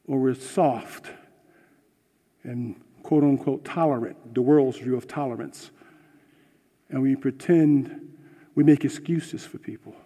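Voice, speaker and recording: A man preaching a passionate sermon, swinging from hushed words to shouting, and ending in prayer. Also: mid-range voice, slow pace, long pauses. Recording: long hall reverb.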